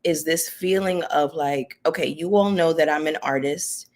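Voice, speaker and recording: A woman's voice: low-pitched, normal speed, darkish tone. Chatty woman talking straight to her viewers. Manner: chatty and heartfelt, many fillers. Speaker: reality TV commentary YouTuber. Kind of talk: casual direct-to-camera chat.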